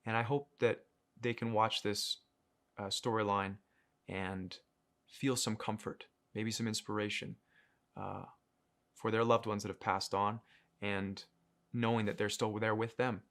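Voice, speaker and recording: A man in his thirties talks over his years on a show in a slightly low voice. He is thoughtful and unhurried, pausing often with fillers and restarts as he reflects. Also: little pitch movement, a bit bright. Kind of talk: reflective interview answers.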